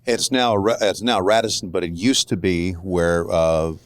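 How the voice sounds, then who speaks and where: A man with a low voice hosts a podcast in an easygoing way and pauses often with "uh". His voice is dry and close to the mic. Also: steady tone, no echo. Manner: easygoing, hesitant with "uh". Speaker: podcast host. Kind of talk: casual chat.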